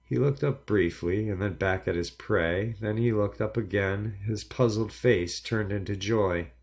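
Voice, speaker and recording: A man reading a first-person horror story aloud in a measured, dramatic storytelling delivery. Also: on the low side, darkish tone. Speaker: narrator.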